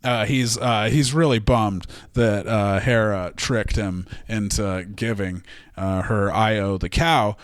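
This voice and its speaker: A man's voice: lowish voice, steady tone, slow pace, clear, resonant tone, no echo, clean studio sound. Profane, rambling male podcast host. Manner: rambling, profane, jokey, many fillers. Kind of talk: comic history podcast storytelling.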